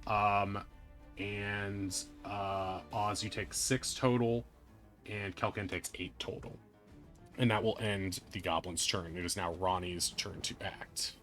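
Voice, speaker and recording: A man's voice: fairly low pitch, steady tone, takes it slowly, a bit bright, soft background music. A man running a tabletop game as game master, chatty and playful, narrating with casual fillers.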